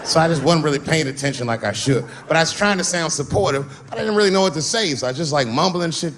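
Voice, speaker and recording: A man doing a stand-up comedy routine, telling loose, profane stories with sudden swings in pitch. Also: lively intonation, fast, fairly bright tone, slight background noise. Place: stage before a live audience.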